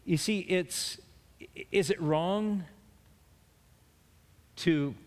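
A man's voice: high-pitched, very slow, darkish tone, big-room sound. A man preaching a conversational Bible sermon, restarting sentences often and lifting his voice when he speaks Job's complaints. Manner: plain conversational preaching with frequent restarts, rising when voicing Job. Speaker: pastor. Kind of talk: expository sermon.

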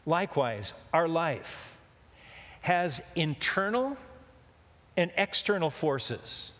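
A man preaches slowly in a slightly high, animated and fairly bright voice, telling a meandering, joking story the folksy way. Long hall reverb fills the recording.

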